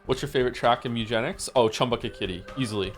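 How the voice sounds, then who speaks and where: Faint music plays behind a man talking fast at medium pitch during a home stream. He's casually chatting with his viewers, rambling with many fillers and restarts, while his voice is giving out.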